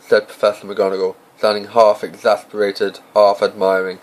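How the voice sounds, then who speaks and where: A lower-pitched man reading a story aloud as a casual amateur audiobook narrator. His reading is relaxed and informal, with the odd stumble and restart along the way. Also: moderate pace, few pauses, rough recording. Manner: casual, with slips and off-script asides.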